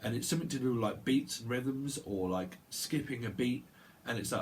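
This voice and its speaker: A man's voice: mid-range voice, fairly quick, slight background noise. A man giving a solo tarot reading, talking in a loose stream of consciousness, repeating sounds and laughing to himself. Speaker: tarot reader. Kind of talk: rambling intuitive tarot monologue. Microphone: solo video recording.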